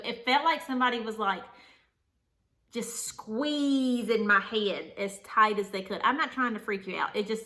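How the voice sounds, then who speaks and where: A young woman shares a candid personal story in an earnest, meandering way, leaning on "like" as she talks. Her voice sits a little high and sounds bright and forward. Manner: earnest, rambling, many "like" fillers. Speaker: vlogger, new mother.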